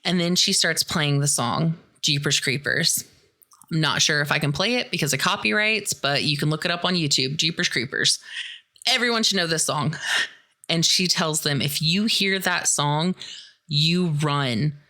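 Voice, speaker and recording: Sarcastic low-voiced woman podcaster. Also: moderate pace, pushed and bright. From Midwestern US. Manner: sarcastic, chatty, swears freely. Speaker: podcast host. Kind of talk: casual movie recap commentary.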